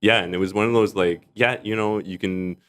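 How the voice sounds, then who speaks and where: A man's voice: lowish voice, fairly even intonation, a little fast, a bit bright. A young man, a guest on a podcast, telling stories casually and laughing often as he talks. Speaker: arts executive director and stage actor, podcast guest. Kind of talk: casual storytelling in a podcast chat.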